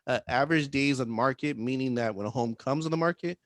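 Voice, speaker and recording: A man co-hosting a casual real estate podcast in an upbeat, jokey way, often tagging his points with a quick "right?". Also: medium pitch, no echo.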